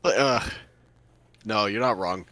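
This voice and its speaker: A man's voice: fairly low pitch, a little slow, bright, forceful tone. A man chatting casually over a game, sarcastic and exasperated, swearing freely. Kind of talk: casual chat over gameplay.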